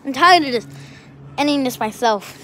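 A woman chatting casually in a vlog, excitable and talkative, speaking to her dog in a backyard by a shed. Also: high voice, normal speed, a little hiss or hum. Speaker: vlogger.

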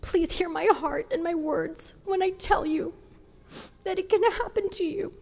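Passionate slow-speaking young woman at a podium. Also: very high-pitched, darkish tone. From Texas. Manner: emphatic, passionate delivery. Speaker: commencement speaker. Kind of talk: inspirational commencement speech. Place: large ceremony venue. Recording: long hall reverb.

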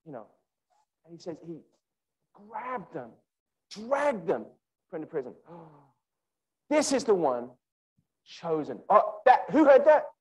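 Animated man preaching to students. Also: breathy edge, rough recording. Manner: animated and emphatic, with wide pitch swings; repeats key lines slowly for emphasis. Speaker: conference speaker. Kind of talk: sermon to university students.

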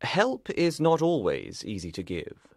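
A grave, clever detective speaks in measured tones, as a man puts him on while reading aloud. His pitch moves in a lively way, and the sound is dry and close with no room around it. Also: dry recording. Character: calm, grave, clever male detective, middle-aged. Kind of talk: audiobook character reading.

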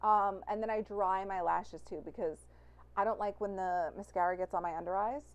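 A young woman talks through a makeup tutorial in a chatty, gushing way, dropping "like" as she goes. Her voice sits at an ordinary middle pitch for a woman. She sounds like a beauty vlogger enthusing over her favorite products. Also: steady tone, normal speed, clean tone. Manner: chatty with fillers like "like".

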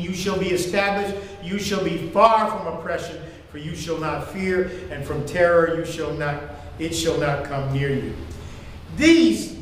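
An older man preaching a sermon as pastor, joking and animated. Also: high voice, slight background noise. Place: church sanctuary. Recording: echoey church hall from far off.

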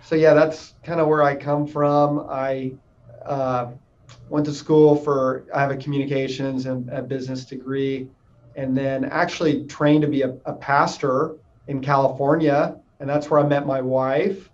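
A man's voice: medium pitch, little pitch movement, unhurried, a little mellow, dull audio. A man in his thirties from East Tennessee, with only a light trace of a Southern accent, chatting upbeat with many fillers as an interviewee. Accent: light Southern US, mostly neutral. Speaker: interviewed club member, insurance salesman. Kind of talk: casual interview answers.

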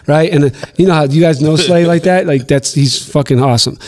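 A middle-aged man from Boston, telling stories as a podcast guest in an animated, profane way on a studio mic. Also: a little high, fairly quick, few pauses. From Boston, USA. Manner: animated, profane storyteller acting out quotes. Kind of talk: casual storytelling interview.

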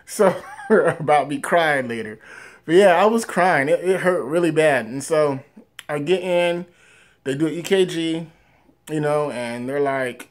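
Rambling man telling his story to camera. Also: measured pace. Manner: rambling, with many fillers and restarts; animated, rising loud at high points, trailing off quietly. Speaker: vlogger. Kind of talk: casual personal storytelling to camera.

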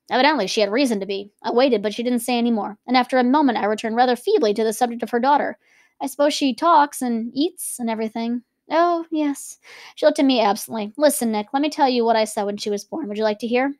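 A woman's voice: on the high side, a little mellow, no echo. A woman reading a classic novel aloud and stopping for casual commentary. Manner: quick, conversational asides between reading. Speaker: reader and teacher.

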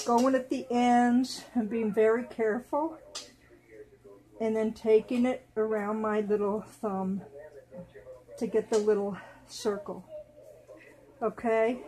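A woman hosting a casual vlog at home, talking to viewers and cooing softly to her dolls. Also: fairly high pitch. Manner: doting, soft baby talk to her dolls. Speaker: doll channel host.

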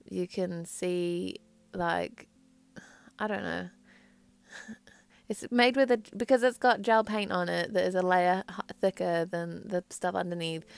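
Gravelly-voiced woman with a shifting accent. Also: lowish voice, darkish tone. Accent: mix of New Zealand and English. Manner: rambling, hesitant, self-deprecating. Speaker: nail art vlogger. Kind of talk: casual voice-over tutorial.

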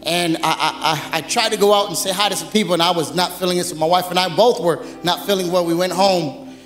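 A man preaching as pastor, in a lively, conversational sermon full of humor, while recovering from bronchitis. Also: high-pitched, fairly quick, soft background music. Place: church sanctuary. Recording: echoey church hall.

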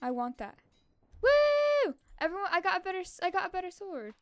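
A young woman giving casual, excitable commentary on her own gameplay and repeating words fast when tense. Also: very high-pitched, no echo, clean studio sound. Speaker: gaming channel host.

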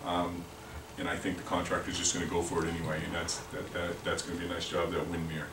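In an echoey meeting room recorded from a distance with faint noise, a sales representative gives a product talk at a lunch-and-learn. His low voice is completely flat and quick, and he rambles, repeating words and restarting often.

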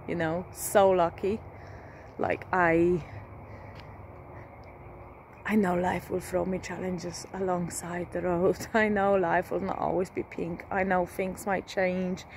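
A woman's voice: fairly low pitch, a little mellow, a little hiss or hum. A woman vlogging from her rural home at night, half-whispering, swearing often and speaking from the heart. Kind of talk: casual whispered vlog.

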